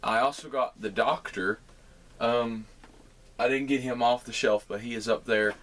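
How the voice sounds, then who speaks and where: A man's voice: mid-range voice, fairly even intonation, normal speed, a bit bright, a little hiss or hum. A young man with a Southern American accent chatting casually to viewers about his holiday toy haul, rambling and friendly. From Southern United States. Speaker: collectibles vlogger.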